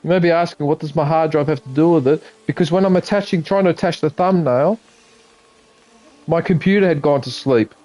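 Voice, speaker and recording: A man's voice: on the high side, brisk, a little mellow, dry recording, soft background music. A man chatting casually on a live game stream, muttering to himself and swearing when frustrated. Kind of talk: casual live-stream chat while gaming.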